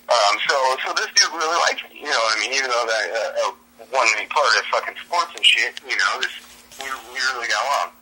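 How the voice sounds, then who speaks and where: A man's voice: mid-range voice, animated, quick pace, pushed and bright, a little hiss or hum, low-quality recording. A young man telling a long school story on a casual podcast, rambling and swearing with lots of fillers. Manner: profane, rambling, heavy fillers. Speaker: podcast co-host.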